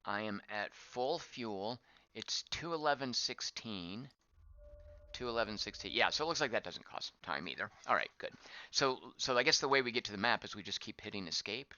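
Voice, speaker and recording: A man's voice: lowish voice, expressive, a little fast, bright, forceful tone. A man giving casual gameplay commentary as he plays, thinking aloud, wondering and reacting to what is on screen. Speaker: game streamer. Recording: dull lo-fi dry voice track.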